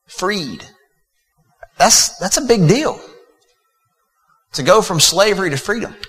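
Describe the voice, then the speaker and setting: A man preaches in an easygoing, conversational manner, often restarting phrases and repeating words. His voice is bright and forward. The sound rings with the long reverb of a large hall. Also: high-pitched, lively intonation, slow pace. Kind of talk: sermon.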